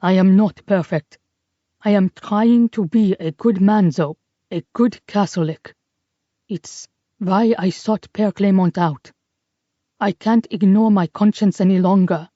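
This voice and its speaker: A woman voicing an earnest young male German soldier with a German accent, speaking quietly and sincerely. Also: mid-range voice, a little slow, no room sound, muffled recording, natural voice.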